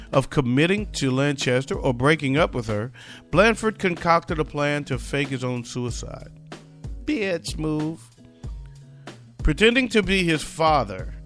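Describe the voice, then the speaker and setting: A man hosting a comedic news talk show, reading odd stories with loose, profane wisecracks. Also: medium pitch. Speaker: podcast host.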